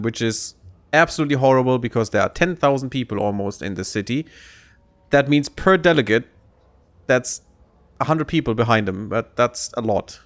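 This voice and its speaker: Lively, chatty male game streamer. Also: medium pitch, moderate pace. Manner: chatty, laughs often, reads game text aloud. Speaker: gaming streamer. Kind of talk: casual let's-play commentary.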